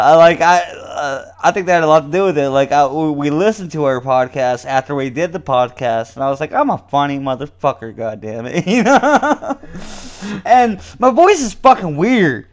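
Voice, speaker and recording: A young man chats loosely as a podcast co-host, his high voice climbing as he laughs. His speech runs a little slurred, and he rambles through stories, cursing freely. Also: animated, normal speed, lo-fi sound. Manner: rambling, laughs often, swearing. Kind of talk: casual chat.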